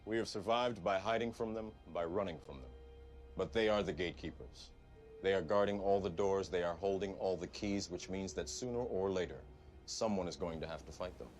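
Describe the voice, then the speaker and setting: An actor as a grave rebel leader, very deep. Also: male voice, soft background music, lightly acted. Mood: solemn. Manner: solemn, deliberate. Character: grave male rebel leader warning of enemies. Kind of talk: film dialogue.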